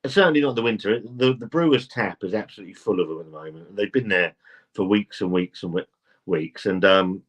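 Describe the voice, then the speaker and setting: A man with a fairly low voice hosts a live stream in a relaxed, chatty way. He reads viewer comments aloud and rambles between them. He swears casually as he goes. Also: fairly quick. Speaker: livestream host.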